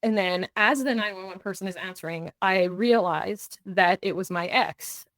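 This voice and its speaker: A woman's voice: medium pitch, moderate pace, fairly bright tone, no room sound. A middle-aged woman telling a personal story as a podcast guest, with earnest recounting that keeps slipping into quoted dialogue. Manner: restarts and fillers when tense.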